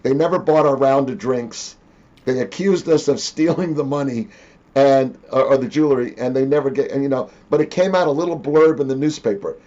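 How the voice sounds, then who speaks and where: A man's voice: medium pitch, a little fast, dull audio. A man hosting an interview, telling stories casually and acting out the dialogue of the people in them. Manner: animated, acts out quoted dialogue. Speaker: interview host.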